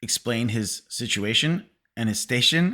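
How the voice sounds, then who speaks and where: Animated, bright-voiced male host. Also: medium pitch, normal speed. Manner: animated, enthusiastic. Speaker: film podcast host. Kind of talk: casual chat.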